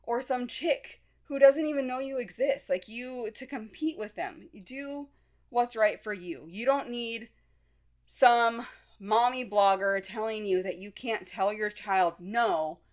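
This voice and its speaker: With a fairly high pitch and measured pace, this podcast host, a mother, chats solo in a frank, casual way. She uses many fillers and often restarts her sentences.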